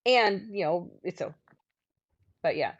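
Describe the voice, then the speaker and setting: A woman's voice: on the low side, slow, breathy edge, no echo, lo-fi sound. A woman in her thirties telling rambling stories in casual chat, acting out what people said. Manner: rambling storyteller, acts out quotes in lively voices.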